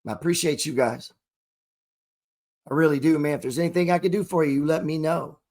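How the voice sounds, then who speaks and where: A man's voice: fairly high pitch, steady tone, brisk, darkish tone. A middle-aged man hosting his own channel, delivering a profane, slangy motivational talk about trading and making money straight to the camera. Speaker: trading coach and channel host.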